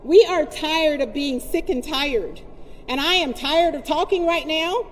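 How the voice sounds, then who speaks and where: Woman rally speaker, high voice, impassioned storytelling address, long reverb and faint ambient hum. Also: unhurried. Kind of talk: protest speech.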